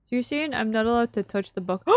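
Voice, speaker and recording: A woman with a fairly high voice reacts to a video game as she plays, excitable and quick to repeat herself. Her voice sits right on the mic in a dry, dead room with no echo. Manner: excitable, repeats phrases over and over. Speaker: streamer playing a video game. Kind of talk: let's play commentary.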